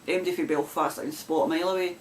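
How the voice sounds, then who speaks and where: A woman's voice: fairly low pitch, fairly even intonation, fast, slight background noise. A woman with a broad Glasgow Scottish accent hosting a knitting podcast, chatting casually to camera with frequent laughs and rambling asides. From Scotland.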